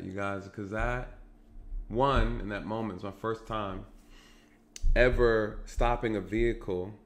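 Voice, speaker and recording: A man's voice: lowish voice, a bit bright. A man recounting police work in casual storytelling straight to viewers, repeating phrases for emphasis.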